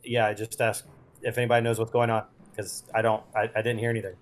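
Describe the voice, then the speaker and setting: A man playing a tabletop game, asking questions with halting restarts. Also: lowish voice, flat delivery. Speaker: player.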